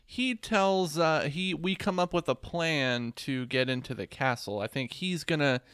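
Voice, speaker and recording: A man with a smooth, resonant voice pitched a bit high, recapping a video game on a casual podcast. He talks easygoing and halting, often restarting sentences, in a dry close recording. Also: fairly bright tone, no room sound. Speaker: podcast co-host running the quest log recap.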